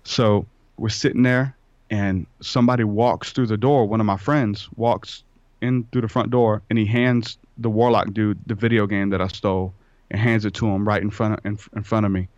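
A man's voice: on the low side, steady tone, normal speed, a little mellow, no room sound. A man, a podcast guest, telling a rambling personal story in a casual way and acting out the dialogue. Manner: rambling, acts out quoted dialogue. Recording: dull lo-fi sound.

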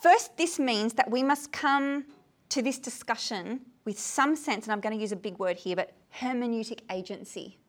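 A woman gives a talk on a poem to a gathered group in a room, tired, animated and often checking that her listeners follow. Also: a little high, moderate pace. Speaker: lecturer on poetry.

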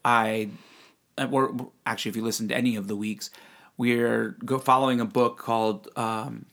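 A man's voice: mid-range voice, level tone, moderate pace, vocal fry, fairly bright tone. A man co-hosting a casual podcast, joking and telling long personal anecdotes as a parent of young kids. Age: adult parent of young children. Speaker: podcast co-host and client. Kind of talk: casual chat.

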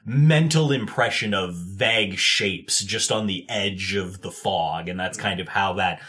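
Male game master, slightly low voice, easygoing scene narration with lots of fillers. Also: measured pace, sharp tone. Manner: loose and descriptive, lots of fillers.

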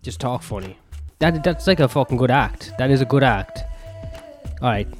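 A man's voice: medium pitch, lively intonation, normal speed, soft background music. A young man hosting a podcast alone, rambling and swearing in a self-mocking way. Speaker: podcast host and comedian. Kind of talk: solo rambling podcast monologue.

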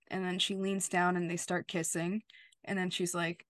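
A woman's voice: fairly low pitch, level tone, moderate pace, no echo, studio quality. A young adult woman co-hosting a podcast, casually recapping a TV episode by quoting the characters' lines. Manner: retells scenes by quoting dialogue, "and he's like". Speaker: podcast co-host.

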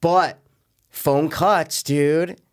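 A young man co-hosting a casual film review podcast, talking in an animated way with swearing as he jumps into retelling scenes. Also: on the high side, drawn-out words. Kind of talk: casual chat.

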